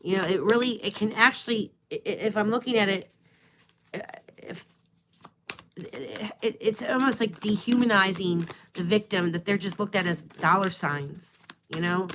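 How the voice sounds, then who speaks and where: Woman doing a tarot reading at home, musing and trailing off, clear bright tone. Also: medium pitch, moderate pace, slight background noise. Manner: musing, trailing off, asking the cards questions. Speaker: tarot and astrology reader. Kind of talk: live-stream tarot reading.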